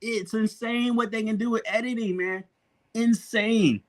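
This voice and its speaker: A man hosting a podcast, telling a story in a casual, animated way, laughing often and swearing freely. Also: sits high, measured pace. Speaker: podcast host.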